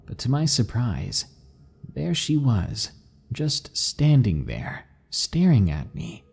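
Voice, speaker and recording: A man narrating scary stories in a measured, dramatic reading style. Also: medium pitch, wildly swooping pitch, creaky, a little mellow, breathy edge. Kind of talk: scripted horror narration.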